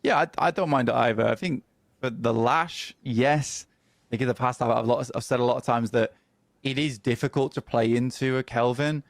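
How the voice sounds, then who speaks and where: Gravelly-voiced male esports caster. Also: mid-range voice, dry recording. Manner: measured, analytical, frequent ums. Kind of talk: esports draft analysis commentary.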